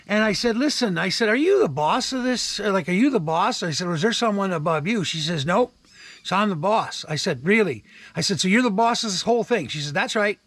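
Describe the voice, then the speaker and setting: An older man with a Canadian accent rants about his grievances, swearing freely and retelling every exchange with "I said". His voice sits high, and the recording is dry and close, with no room echo. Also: animated, fairly quick, fairly bright tone. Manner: profane, repeats "I said" while retelling calls. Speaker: vlogger. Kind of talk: angry ranting monologue. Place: home in the wilderness.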